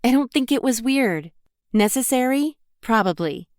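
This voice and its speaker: A teasing, slangy young college woman, put on by a female audiobook narrator. She sits noticeably higher and a bit louder than plain narration, with a smooth, clear tone in a dry, close recording. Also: lively intonation, moderate pace, no room sound, natural voice. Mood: lively. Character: chatty blunt young college woman friend. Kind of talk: audiobook character voice.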